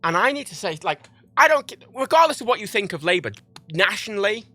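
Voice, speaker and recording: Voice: medium pitch, sing-song, brisk, sharp tone, dry recording. Give me a profane, heated streamer ranting on a dry, close mic. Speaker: livestreamer. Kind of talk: casual ranting commentary while gaming.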